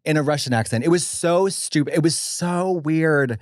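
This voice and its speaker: A man co-hosting a podcast in casual chat, animated and quick with asides and swearing. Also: on the high side, dry recording, clean studio sound. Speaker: podcast co-host.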